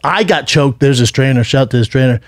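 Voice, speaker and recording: A man's voice: mid-range voice, quick pace, no room sound, studio quality. A man co-hosting a podcast, telling a long story in casual chat, rambling and acting out what people said, swearing freely. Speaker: podcast co-host.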